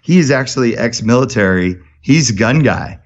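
A man's voice: mid-range voice, animated, normal speed, muffled recording. A man talking as a podcast guest, telling stories with energy and many restarts. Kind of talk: casual interview talk.

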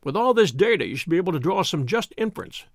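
A man's voice: high voice, big pitch swings, quick pace, no room sound. Man reading a dry, precise detective. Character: dry, sharp-witted male detective. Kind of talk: audiobook character voice.

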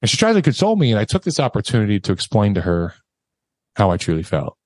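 A man's voice: on the low side, wildly swooping pitch, quick pace, no echo. A man, a podcast guest, telling a raw, emotional personal story and swearing casually as he talks.

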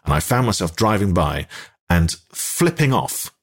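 Lively low-voiced Englishman spinning a yarn. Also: measured pace, heavy background noise. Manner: rambling, hesitant, self-deprecating. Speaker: guest. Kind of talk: casual storytelling in conversation.

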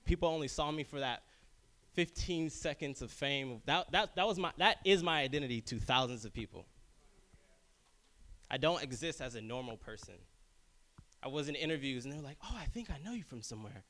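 Animated young man telling a story. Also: brisk. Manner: animated, acts out quotes in high voices, laughs often. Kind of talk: casual personal storytelling.

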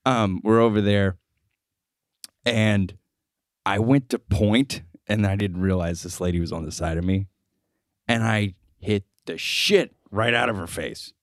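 Slow, hesitant man telling a story. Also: on the low side, dry recording, studio quality. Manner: unhurried, hesitant with fillers. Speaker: podcast co-host. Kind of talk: casual storytelling chat.

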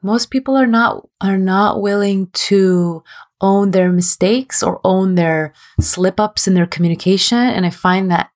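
A woman's voice: mid-range voice, unhurried, a little mellow. Young woman coach on a podcast, frank and self-mocking, laughs easily. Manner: open and self-deprecating, laughs often. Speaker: relationship coach, guest. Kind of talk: candid podcast conversation.

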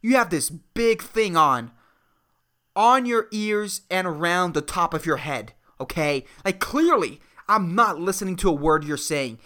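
A man's voice: sits high, lively intonation, unhurried, sharp tone. A man in his twenties hosting a podcast, ranting in a profane, exasperated way with lots of fillers. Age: 20s. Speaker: podcast host. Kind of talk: solo comedic rant.

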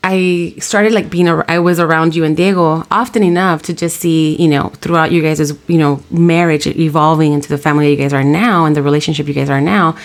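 A woman's voice: low voice, fairly even intonation, a little fast, few pauses. A woman in her thirties, co-hosting a casual podcast and rambling through a story, acting out both sides. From Latin American heritage. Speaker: podcast co-host. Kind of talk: casual chat.

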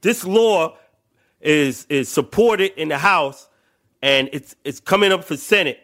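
A man's voice: on the high side, animated, unhurried, fairly bright tone. A man co-hosting a podcast, speaking bluntly and with plenty of swearing as he makes his point. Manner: blunt, profane, emphatic. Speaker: podcast co-host. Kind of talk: casual chat.

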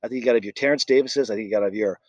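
A man's voice: fairly low pitch, a little mellow, no room sound. A man co-hosting a casual sports podcast, giving opinionated takes. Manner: opinionated, quick agreeing interjections. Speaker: podcast co-host.

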